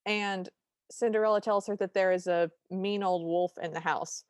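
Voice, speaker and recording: A woman's voice: mid-range voice, fairly even intonation, normal speed, no room sound, clean studio sound. A woman co-hosting a podcast, giving wry, detailed recaps in casual chat. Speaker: podcast co-host.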